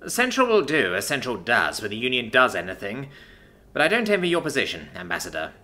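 A woman's voice: rumbling low, huge pitch swings, fairly quick, sharp tone, full character voice. A man voicing a stern, authoritative woman president in her forties. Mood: dry. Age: 40s.

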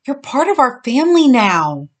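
Sweet, coaxing little girl piglet in a storybook , played by a woman, very high and bouncy in pitch. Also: very animated, normal speed. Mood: gentle. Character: young girl piglet, kind and welcoming.

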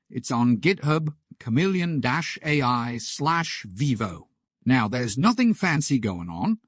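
A man hosting a software tutorial in a chatty, explanatory way. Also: medium pitch, no echo. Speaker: tech video host. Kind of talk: tutorial narration.

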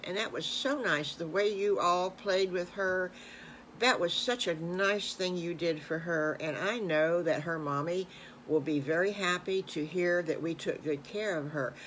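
An older grandmother telling an improvised children's story in an unhurried, homespun way. She wanders and circles back, then gets lively at the sad and exciting parts. A faint hum of room noise sits behind her voice. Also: lowish voice. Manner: homespun, meandering and animated at emotional moments.

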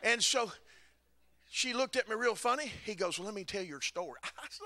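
A man, preaching a sermon as a folksy story with dry humor, rising at times to shouting. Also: sits high, animated, normal speed.

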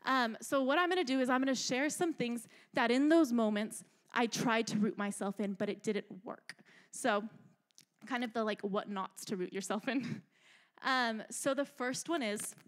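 A young adult woman delivers a youth sermon with a fairly high voice. She talks in an animated, chatty way and keeps checking in with her listeners. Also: moderate pace. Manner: animated, chatty, asks "right?" a lot. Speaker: youth speaker.

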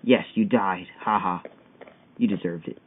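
A young man giving excitable, frustrated commentary while playing a parkour game, yelping at each failed jump. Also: low voice, unhurried. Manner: excitable, yelping and whining at failures. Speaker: gamer. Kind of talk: gameplay commentary. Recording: tinny phone-like mic with faint hiss.

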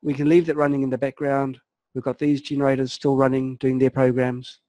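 A man calmly narrating a software walkthrough step by step, explaining each setting as he clicks through it. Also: medium pitch, a little fast, no echo, low-quality recording. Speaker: software tutorial presenter. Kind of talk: screen-recorded software walkthrough.

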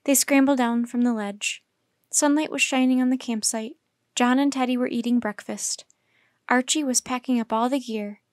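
A woman reading a children's chapter book aloud in a calm, measured way. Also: on the high side, no echo, studio quality. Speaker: storyteller.

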